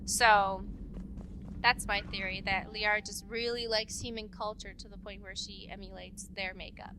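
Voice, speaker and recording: A woman's voice: medium pitch, level tone, moderate pace. A woman co-hosting a let's play, chatting and giggling while she plays, sharing her theories aloud. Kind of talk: casual gaming chat.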